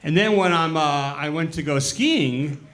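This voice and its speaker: A man in his sixties doing stand-up at an open mic, halting and full of fillers, laughing at his own jokes. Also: fairly high pitch, lively intonation, a bit bright. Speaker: stand-up comic.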